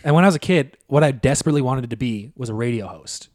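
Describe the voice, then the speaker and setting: A man's voice: mid-range voice, lively intonation, fast talker, a little mellow. A man co-hosting a podcast, telling stories in casual chat, swearing freely and laughing as he goes. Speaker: podcast co-host.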